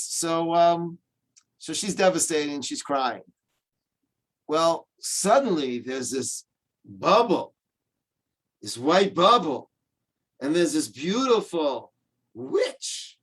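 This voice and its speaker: Joking rabbi teaching over a video call. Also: male voice, fairly high pitch, breathy edge. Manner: joking, animated storyteller. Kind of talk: humorous storytelling lecture.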